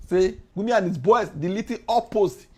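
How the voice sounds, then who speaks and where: Husky woman with a Nigerian Pidgin accent. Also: medium pitch, normal speed. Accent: Nigerian Pidgin English. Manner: animated, swings loud and soft, laughs between points. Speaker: commentator. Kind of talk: casual explainer talk.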